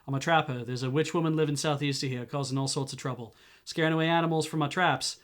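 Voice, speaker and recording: A man's voice: a little high, steady tone, fast talker, a bit bright, lightly acted. A man doing a drawling, scowling trapper. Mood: wary. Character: scowling male trapper, wary and grim.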